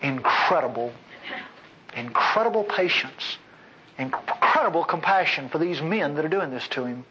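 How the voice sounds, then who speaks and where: A male preacher giving a sermon, emphatic, swinging between loud outbursts and quiet asides, on a dull lo-fi recording. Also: a little high, expressive, moderate pace, a little hiss or hum.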